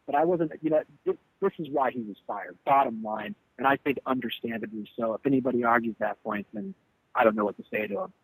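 A man's voice: mid-range voice, quick pace, creaky, breathy edge, no room sound, rough recording. A man telling a heated, profane story about a bandmate who walked out on a show, and acting out the quotes. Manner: animated, profane, acts out quotes. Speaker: band leader telling a tour story. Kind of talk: candid interview storytelling.

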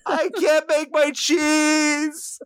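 A man voicing a ruined male cheesemaker in a high, wailing, distressed voice. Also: completely flat delivery, very slow, no echo, clean studio sound, heavily acted. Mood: distraught.

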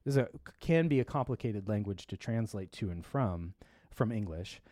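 A man's voice: on the low side, animated, moderate pace, warm tone, dry recording, studio quality. A man hosting a tech show in casual chat, rambling along with lots of fillers and restarts.

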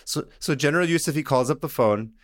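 A man co-hosting a podcast, telling a story in a casual, animated, joking way. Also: fairly high pitch, fast talker. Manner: animated, joking, drops into voices. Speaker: podcast co-host.

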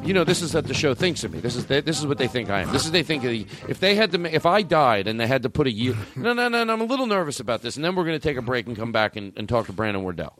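A man's voice: mid-range voice, very animated, very fast, hardly any pauses, fairly bright tone, soft background music. A middle-aged man hosting a comedy podcast, rambling and self-interrupting in casual, profane banter. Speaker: podcast host. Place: podcast studio.

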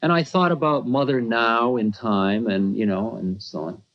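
A man's voice: mid-range voice, normal speed, muffled recording. A man telling a personal story in a rambling, conversational talk full of asides.

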